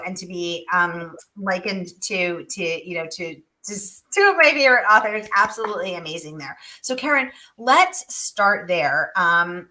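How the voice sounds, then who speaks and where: Brief: enthusiastic woman event host, bright and lively, video call. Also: mid-range voice. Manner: enthusiastic, upbeat greetings. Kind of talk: livestreamed book event conversation.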